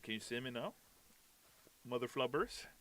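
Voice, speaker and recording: A man in a sleepy, relaxed live-stream chat, answering viewers with many hesitations and reading their messages aloud. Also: medium pitch, normal speed, no room sound. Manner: reads chat messages aloud in a brighter, louder voice; relaxed, hesitant with frequent uh fillers.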